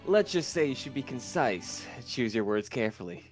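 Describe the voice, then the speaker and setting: A man voicing a calm, dry-humored veteran defense lawyer in a video game. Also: mid-range voice, normal speed, lightly acted. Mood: wry. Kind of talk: voicing game dialogue on a stream. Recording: music playing behind.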